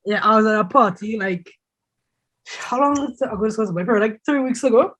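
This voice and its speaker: Fast-talking Trinidadian young man. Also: sits high, fairly bright tone. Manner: quick, laughing storyteller. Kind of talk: casual chat.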